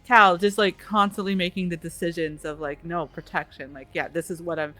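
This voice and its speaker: A woman's voice: lowish voice, steady tone, brisk, pushed and bright. Gushing game master, woman. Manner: gushing, full of fillers and restarts. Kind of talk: post-game wrap-up chat.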